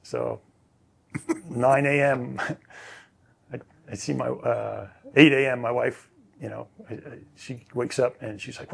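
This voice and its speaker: Gravelly husky-voiced man. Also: medium pitch, takes it slowly, long pauses. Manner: relaxed, rambling with frequent fillers and restarts. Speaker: interview guest, former quarterback. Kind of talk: casual storytelling.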